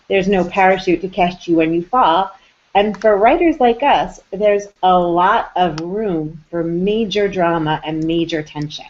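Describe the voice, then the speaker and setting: A woman hosting a live online chat show, upbeat and quick to laugh. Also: medium pitch, a little mellow. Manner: bubbly, upbeat, laughs easily. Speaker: host. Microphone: video call. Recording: dull lo-fi web call audio.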